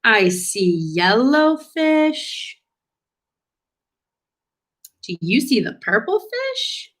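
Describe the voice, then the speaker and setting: A woman reading a storybook to little children, taking her time and stretching out each word. Her voice swoops up and down in a lively, sing-song teacher manner, full of gentle encouragement. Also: high-pitched. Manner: slow, sing-song, encouraging teacher talk with drawn-out words. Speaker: speech therapy clinician reading to children. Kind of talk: children's storybook read-aloud lesson.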